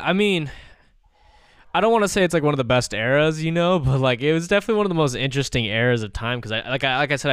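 A man's voice: medium pitch, smooth, no echo, studio quality. A man in his twenties hosting a podcast, telling casual stories in a rambling way, full of filler words and swearing. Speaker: podcast host. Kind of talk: casual chat.

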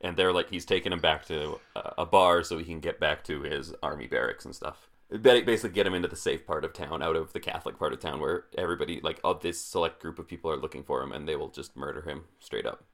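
A young man in his twenties with a very low, deep voice, talking casually about films. He rambles and leans on "like" constantly. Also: fast talker, few pauses, a bit bright. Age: 20s. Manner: filler-heavy, rambling with frequent "like". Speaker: podcast co-host. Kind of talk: casual chat about movies.

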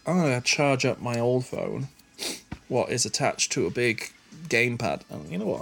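A man's voice: mid-range voice, moderate pace, creaky. A man swearing and muttering through casual commentary as he plays a game. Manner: sweary, animated, mutters under his breath. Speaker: gamer.

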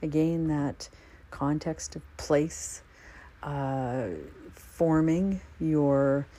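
A woman poet hosts a podcast in a low, dark voice, speaking very slowly with fairly even intonation. Her casual monologue is thoughtful, full of hesitant fillers, and she reads poems aloud.

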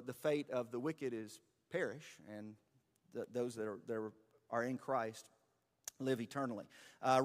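A man's voice: medium pitch, big-room sound. A man teaching a church class in a conversational, explaining way, with fillers and restarts. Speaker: pastor or teacher.

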